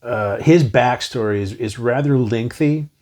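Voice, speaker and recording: In an unhurried, mid-range voice, a man in his forties chats casually about films as co-host of a review show. His energy shows as he eagerly recites favorite lines from the movie.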